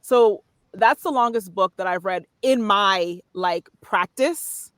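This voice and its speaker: Woman guest, voiceover artist, halting and reflective, dry close sound. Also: mid-range voice, a bit bright, smooth, no echo. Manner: thoughtful, halting, many fillers. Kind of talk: casual podcast interview.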